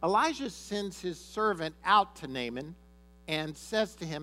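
Guy preaching, fairly high voice, gets really animated acting out the story. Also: a little slow, pauses often. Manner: animated, acts out characters' lines. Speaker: pastor. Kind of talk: sermon storytelling.

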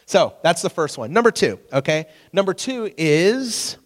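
A man's voice: high-pitched, very animated, measured pace. A man, preaching a casual, conversational sermon, asking his audience questions and joking with them. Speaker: pastor. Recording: long hall reverb.

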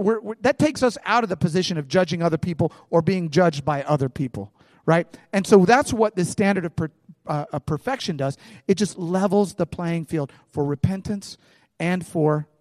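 A man's voice: high-pitched, a little mellow. A man preaching a sermon in a casual, conversational way, full of fillers and restarts, speaking to a church hall. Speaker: pastor.

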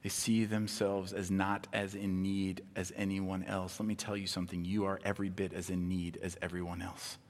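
A man preaching a sermon as pastor, impassioned, swinging between hushed tones and near-shouting. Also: low-pitched, little pitch movement, normal speed, hardly any pauses. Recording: long hall reverb.

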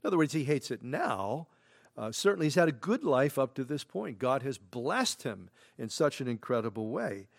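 Brief: middle-aged man, pastor, casual chatty sermon, mid-range voice, hushed then suddenly loud. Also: medium pitch, very animated, moderate pace, gravelly. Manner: conversational, repeats himself, frequent "you know"; swings from hushed to loud emphatic bursts. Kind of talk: expository sermon.

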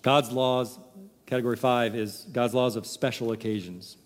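A man's voice: mid-range voice, fairly even intonation, normal speed, big-room sound. A man preaching a sermon, emphatic and full of rhetorical questions. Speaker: pastor.

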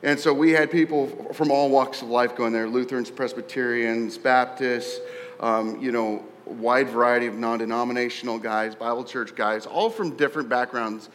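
A man preaching a sermon as pastor, talking in a conversational, animated way and often repeating words as he tells a story. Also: medium pitch. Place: church sanctuary. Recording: echoey hall with long reverb.

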